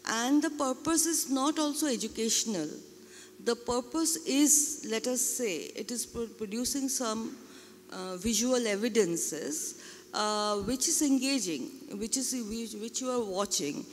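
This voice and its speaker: A woman filmmaker speaks slowly and haltingly, her voice a little high, and she keeps restarting her sentences. Her words ring out with a long reverb from a large hall. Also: a little hiss or hum. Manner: hesitant, many fillers and restarts. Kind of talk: discussion at exhibition launch. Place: exhibition hall.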